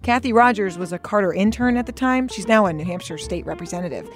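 A woman's voice: medium pitch, fast, faint music behind. A woman narrates a documentary story from a script. Her delivery is conversational with dry asides. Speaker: podcast host and narrator.

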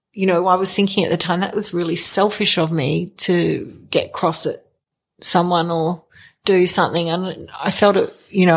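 A woman's voice: on the low side, gravelly. A middle-aged woman telling her own story in an interview, hesitant, with many fillers and restarts. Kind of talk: candid personal storytelling.

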